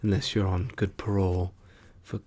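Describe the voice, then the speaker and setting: A man voicing a male trickster god turned weary file clerk, in soft, wry whispered role-play. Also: low-pitched, flat delivery, normal speed, slightly rough. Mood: musing whisper. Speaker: ASMR performer.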